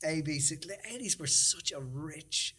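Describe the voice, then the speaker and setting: A man's voice: on the high side, normal speed. A middle-aged man, co-hosting a casual podcast, telling stories with lots of swearing and laughter. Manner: animated, sweary storyteller, laughs often. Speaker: podcast co-host. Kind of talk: casual chat.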